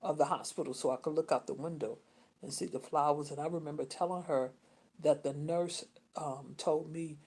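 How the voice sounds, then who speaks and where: A woman, telling a personal story in a rambling, repetitive way with many restarts and pauses. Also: low voice, steady tone, warm tone, husky. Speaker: vlogger.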